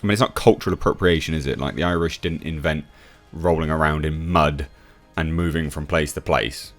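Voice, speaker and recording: A man's voice: very deep voice, fairly even intonation, fairly quick, a bit bright, faint music behind. A man delivering a mocking, opinionated commentary vlog with frequent filler sounds. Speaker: YouTube commentator.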